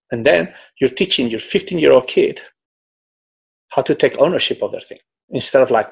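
A middle-aged man with a gravelly, husky voice, talking as a swim coach in an interview. He tells his stories in a lively, conversational way, filling his sentences with "you know". His tone stays loose and unscripted. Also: mid-range voice, brisk. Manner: animated, frequent "you know", breaks into quoted voices.

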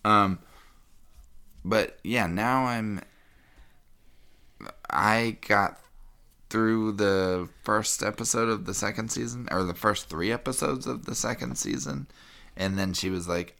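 A man's voice: on the low side, slow pace, creaky, pauses often, bright, forceful tone. A man co-hosting a podcast, talking in a rambling, self-interrupting way and laughing often. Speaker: podcast co-host. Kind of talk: casual chat.

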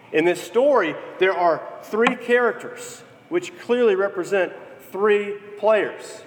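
Man preaching in an echoey hall. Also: on the high side. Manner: storytelling with lively acted quotes. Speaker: pastor. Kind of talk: sermon.

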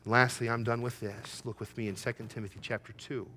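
Bright-voiced preacher man building to loud climaxes. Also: mid-range voice, little pitch movement, fast talker, a little hiss or hum. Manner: folksy storytelling, quoting his son. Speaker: pastor. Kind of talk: sermon.

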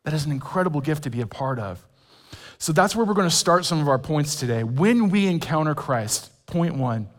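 A man's voice: a little high, animated, brisk. A man from California preaching a sermon as a men's pastor, conversational with humorous asides. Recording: long reverb of a large hall.

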